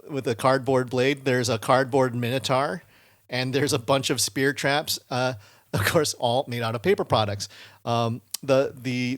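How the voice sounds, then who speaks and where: A man's voice: medium pitch, a bit bright, dry recording, studio quality. A man hosting a podcast in casual chat, rambling with many fillers and restarts. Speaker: podcast host.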